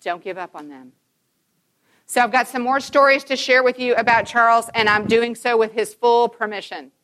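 A woman's voice: fairly high pitch, little pitch movement, brisk, fairly bright tone. A woman in her fifties giving a Christian conference talk to mothers, telling personal stories emphatically and acting out the dialogue.

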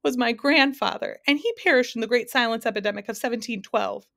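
A woman reading a storybook aloud, voicing a loud, shapeless male smog creature who bellows, laughs and sobs. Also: on the high side, fairly quick, vocal fry, voice pushed up. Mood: booming. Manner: bellowing, roaring with laughter, sobbing. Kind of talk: storybook narration.

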